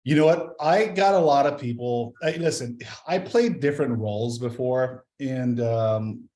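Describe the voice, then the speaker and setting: A man's voice: mid-range voice, unhurried, mellow. Easygoing man in a roomy space. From Highland Park, Los Angeles. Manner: easygoing, storytelling, mimics people. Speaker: guest, producer. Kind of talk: interview conversation.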